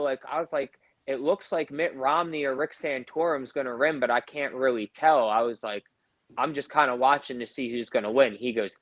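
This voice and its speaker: A man's voice: mid-range voice, a little fast, no echo. A man in his thirties co-hosting a podcast, telling profane, rambling stories in casual chat, packed with fillers and quoted back-and-forth. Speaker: podcast co-host.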